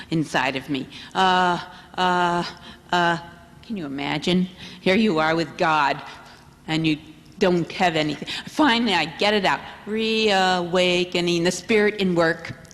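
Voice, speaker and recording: A woman telling a story to an audience at a retreat, halting and hesitant, searching for her words. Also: lowish voice, a bit bright. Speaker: speaker at a retreat. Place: large hall at a retreat. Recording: reverberant hall.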